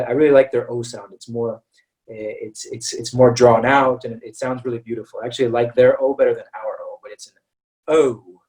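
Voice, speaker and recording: A man's voice: medium pitch, darkish tone, far from the mic, poor audio. An American man teaching English in a live webinar, talking in a chatty way and often checking in with "all right" and "okay".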